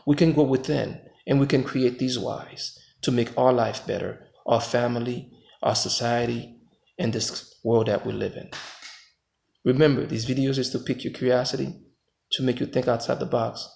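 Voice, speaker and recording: An American man and father giving an emphatic, preachy motivational monologue as a vlogger. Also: creaky. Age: adult father. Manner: emphatic, preachy, swings between loud pushes and low reflective stretches.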